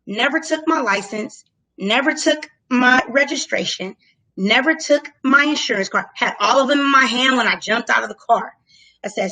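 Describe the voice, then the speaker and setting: A woman telling a story in casual talk, animated and profane, loudly acting out her own lines. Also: sits high, normal speed, low-quality recording.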